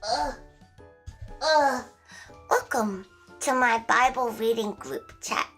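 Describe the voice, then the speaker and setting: A woman's voice: on the high side, takes it slowly, a bit bright, soft background music. A young woman livestreaming, chatting casually with viewers in a playful, giggly, chaotic way with crude jokes.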